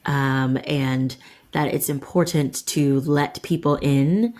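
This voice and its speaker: A woman's voice: deep voice, fairly even intonation, slow pace, warm tone. A woman guest on a podcast, a caregiver speaking candidly and reflectively about her experience. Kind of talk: podcast interview.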